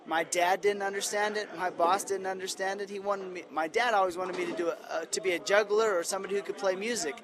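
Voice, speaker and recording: A man interpreting aloud for a deaf stand-up comedian, telling jokes in deadpan storytelling with asides, recorded in a comedy club lounge. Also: sits high, fast, hardly any pauses. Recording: distant roomy club mic with crowd and noise.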